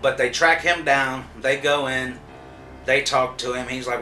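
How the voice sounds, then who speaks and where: A man with a medium-pitched, fairly flat voice talks at a moderate pace, his tone bright and forceful. He's giving a casual spoiler recap of a TV episode, telling it loosely with lots of swearing and fillers like "like" and "uh." The mic is distant in an echoey room, with faint music behind him.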